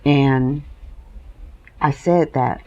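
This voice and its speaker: A woman's voice: extremely low pitch, fairly even intonation, extremely slow, dark tone, dull audio. A woman hosting her own podcast, talking candidly and emotionally at home and laughing now and then. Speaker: podcast host. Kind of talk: personal monologue.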